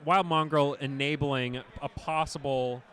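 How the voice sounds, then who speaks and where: A man's voice: fairly high pitch, steady tone, a little slow, a bit bright. A man giving play-by-play commentary on a card game match on a live stream, with dry asides.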